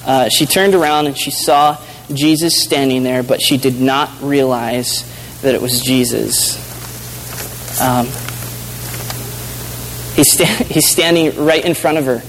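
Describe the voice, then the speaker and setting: A man preaching a sermon in an earnest, halting way, with frequent restarts and fillers. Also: medium pitch, slight background noise, low-quality recording. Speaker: pastor.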